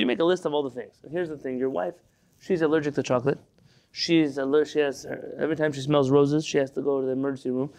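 A man's voice: a little high, steady tone, fast talker, creaky, a little mellow. A man teaching a Torah class. He reads Hebrew lines, explains each one in English, and asks his listeners rhetorical questions.

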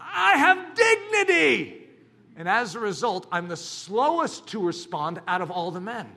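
A man preaching a sermon as a pastor, talking in an animated, dramatic way with bursts of shouting. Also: high voice, normal speed.

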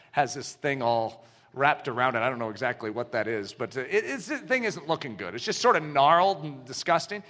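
High, animated male preacher. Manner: animated, emphatic, jumps between shouts and hushed lines. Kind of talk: sermon.

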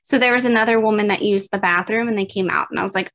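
A woman's voice: medium pitch, quick pace, fairly bright tone. A woman co-hosting a podcast, telling a self-mocking funny story in casual chat. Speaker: podcast co-host.

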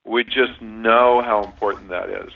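A man's voice: on the low side, steady tone, a little slow, creaky. A man speaks earnestly and reflectively, laughing now and then and circling back on his words. His voice is thin and phone-like and sounds far from the mic. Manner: earnest, reflective, laughs often, many restarts. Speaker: guest sharing a relationship compatibility system. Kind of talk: casual interview talk. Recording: distant, tinny phone-line sound.

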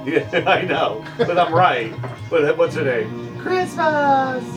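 A man's voice: on the high side, expressive, slow pace, recorded from a distance. A man gushing and laughing through a casual chat while guessing songs, with music playing behind. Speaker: co-host.

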